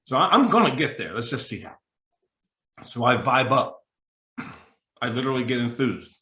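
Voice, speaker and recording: A man, a mental toughness coach, telling a story in a podcast interview and acting out the dialogue with sudden pitch jumps. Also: moderate pace, roomy sound. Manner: animated, acts out dialogue with big pitch jumps.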